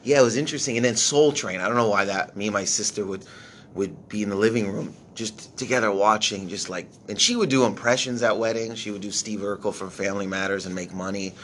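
Comedian guy from canada, lowish voice, swears a lot, rambling animated stories, bit of room hum. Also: fast. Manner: profane, animated storyteller. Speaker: stand-up comedian guest. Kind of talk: casual storytelling.

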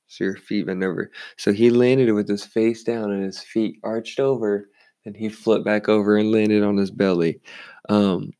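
A man and former bartender casually telling rambling, animated stories into a microphone. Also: lowish voice, gravelly, no echo. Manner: rambling and animated, with many restarts. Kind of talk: casual storytelling. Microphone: studio microphone.

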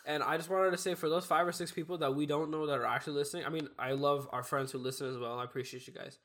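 A young man co-hosting a casual podcast, raspy and nasal from a cold, talking in an easygoing, rambling way. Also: on the high side, fairly even intonation, racing, a bit bright. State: congested from a cold or allergies. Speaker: podcast co-host. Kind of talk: casual chat.

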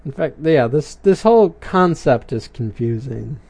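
Slow, lively rambling cartoon reviewer. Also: mid-range voice, husky. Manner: rambling, puzzled, questioning asides. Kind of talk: casual commentary.

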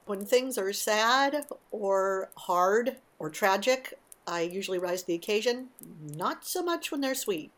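A woman hosting a casual morning monologue, talking in an animated, emotional way with frequent asides. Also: medium pitch. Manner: warm, emotional, animated storytelling. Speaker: podcast host.

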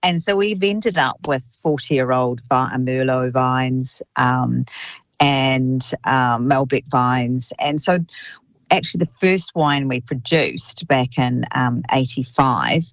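A middle-aged woman, a winemaker talking casually in an interview, thoughtful with many pauses and restarts. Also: extremely low pitch, no echo. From New Zealand. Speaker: winemaker guest. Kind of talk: casual radio interview by phone.

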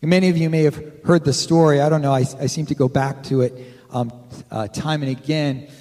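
A male pastor with a notably high voice preaching to his congregation in an easy, conversational way, often calling out for an amen. His words ring through the long reverb of a large church sanctuary. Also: fairly even intonation, fairly quick, mellow. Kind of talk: sermon.

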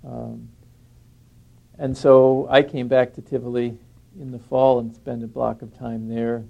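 Gravelly, flat-toned reminiscing man. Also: mid-range voice, phone-quality sound. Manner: thoughtful, halting with fillers. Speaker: former draft resistance organizer. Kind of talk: reflective reminiscing.

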